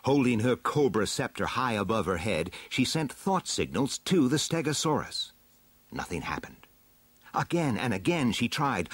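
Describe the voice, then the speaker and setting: A man narrating a children's adventure storybook aloud in an expressive, dramatic way. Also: mid-range voice, breathy edge, dry recording. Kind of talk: storybook reading.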